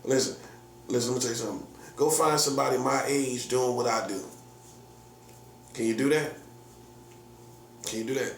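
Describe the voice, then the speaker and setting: A man's voice: medium pitch, moderate pace, vocal fry, long pauses. Man in his forties, slangy boastful rant, echoey room, faint hum. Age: 40s. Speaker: prophet. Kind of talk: casual vlog rant.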